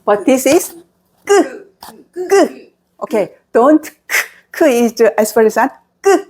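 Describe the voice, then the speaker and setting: A woman with a Korean accent, a native Korean speaker, teaching pronunciation to a class, slowly modeling sounds and praising her students. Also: fairly high pitch, animated, darkish tone.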